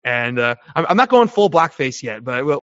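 A man's voice: medium pitch, sing-song, a little fast, a bit bright, no echo. A man talking as a guest over a video call, blunt and profane, often restarting his sentences. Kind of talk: casual conversation. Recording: dull lo-fi call audio.

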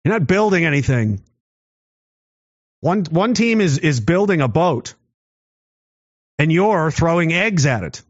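A man hosting his own show, delivering a sarcastic, combative monologue to camera, swinging from low muttering to raised challenges. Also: big pitch swings, a little slow, long pauses, no echo, dull audio. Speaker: commentary show host.

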